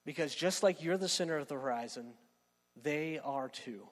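A man's voice: a little high, moderate pace, in a large hall. A man preaching a sermon in a conversational storytelling way, often checking in with "right?". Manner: conversational, keeps asking "right?".

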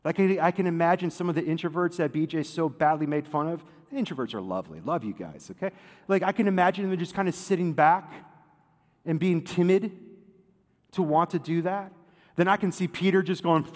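A male pastor preaching a sermon in a casual, animated way, full of fillers and asides. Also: on the high side, brisk, big-room sound.

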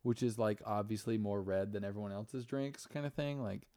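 A man's voice: on the low side, normal speed, warm tone, no echo, clean studio sound. Profane young man recapping a film. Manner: profane, rambling, acts out characters' lines. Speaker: podcast host. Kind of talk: casual chat, movie recap.

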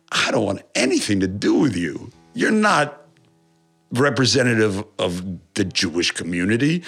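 A man from New York, a musician, talking in a casual interview, animated, swearing often and rambling with many restarts. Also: mid-range voice, vocal fry. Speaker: musician guest.

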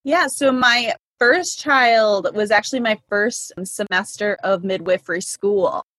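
A woman in her thirties talks as a guest in a relaxed interview. Her voice is a little husky and breathy, recorded dry and close. She rambles warmly with frequent "like" fillers. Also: mid-range voice, measured pace, no echo. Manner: chatty, laughs between thoughts, many "like" fillers. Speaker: midwife and business consultant.

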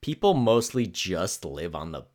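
A man's voice: low-pitched, very animated, a little slow, darkish tone. A man co-hosting a casual comedy podcast, laughing often and slipping into mock voices. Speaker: podcast co-host.

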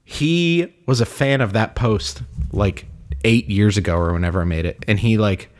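A man with a somewhat low voice co-hosts a podcast, chatting casually at normal speed. He rambles loosely, laughs often and fills his sentences with "like."

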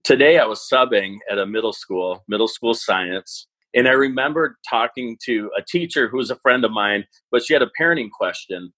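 A man in his forties, a parenting educator, telling stories in an animated, self-deprecating way on an interview. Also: mid-range voice, moderate pace, few pauses, poor audio. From Wisconsin, US. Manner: animated, self-deprecating, acts out quoted thoughts. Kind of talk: conversational interview storytelling.

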